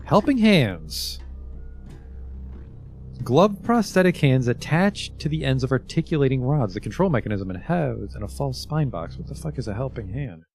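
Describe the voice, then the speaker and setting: A man's voice: medium pitch, animated, fairly quick, vocal fry, hardly any pauses, a little mellow, soft background music. A man streaming a video game, chatting casually, reading item descriptions aloud and swearing now and then. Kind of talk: casual livestream commentary.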